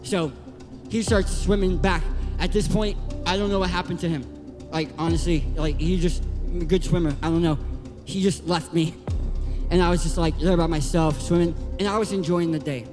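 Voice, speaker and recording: A man, a guest speaker, telling comedic stories in a sermon, animated and self-deprecating, breaking into loud bursts. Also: a little high, normal speed. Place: church hall. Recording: reverberant hall with faint music.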